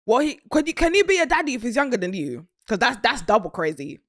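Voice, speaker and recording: A British woman hosting a casual podcast chat, animated and laughing often. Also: a little high, fast, no room sound, clean studio sound. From Britain. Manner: giggly, animated, bursts of laughter. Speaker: podcast host.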